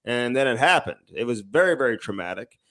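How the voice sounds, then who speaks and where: A man co-hosting a podcast, talking in a deadpan, mock-dramatic way during casual chat. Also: medium pitch, brisk. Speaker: podcast co-host.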